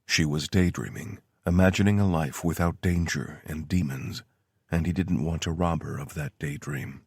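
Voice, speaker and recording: Male audiobook narrator, deep voice, husky, steady measured reading, dry close sound. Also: no echo.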